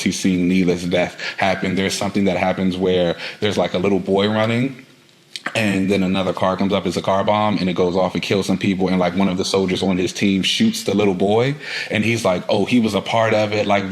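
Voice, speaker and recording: On a rough recording, a low-voiced man co-hosting a podcast retells a comic book in a loose, rambling way. He leans heavily on the word "like" throughout his recap.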